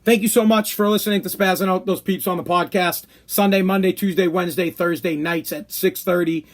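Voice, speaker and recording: Podcast host, man, high voice, heated profane rant, hammers points home by repeating them. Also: fairly even intonation, a little fast. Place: hot room downstairs.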